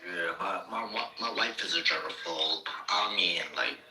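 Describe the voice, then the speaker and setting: Slangy laughing man, bright and roomy. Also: low voice, normal speed, recorded from a distance, slight background noise. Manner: slangy, laughing, profane banter. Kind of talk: casual podcast chat. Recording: echoey room.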